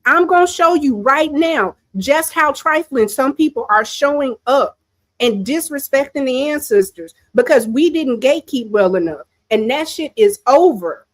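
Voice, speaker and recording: A woman's voice: sits high, animated, normal speed. Emphatic woman streamer scolding her audience. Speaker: livestream host. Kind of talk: political commentary stream.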